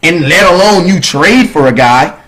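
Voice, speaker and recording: A man co-hosts a casual sports talk show, his voice sitting a bit high. He rambles through his points, leaning on "like" and restarts as he goes. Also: animated, normal speed, a bit bright, poor audio. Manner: rambling, lots of fillers.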